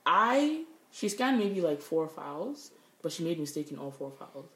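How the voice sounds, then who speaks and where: A young woman co-hosting a podcast tells a work story in casual chat, venting and swearing freely. Her deep voice is sing-song and fairly bright in tone at a moderate pace, in an echoey room.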